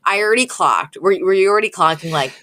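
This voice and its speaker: A woman on a podcast with a lively, swooping voice, retelling a sitcom episode with gusto. She jumps up high to act out the characters' lines, then drops back into easy chat. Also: quick pace. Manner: animated, acts out quoted lines in a higher voice. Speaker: podcast co-host.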